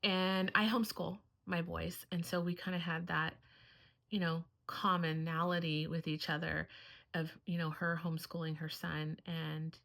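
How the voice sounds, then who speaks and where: Middle-aged mom vlogging, heartfelt and earnest, kinda gravelly low voice. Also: female voice, little pitch movement, normal speed, a bit bright. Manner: heartfelt, earnest, fighting back tears. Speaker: homeschooling mother. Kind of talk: emotional casual vlog.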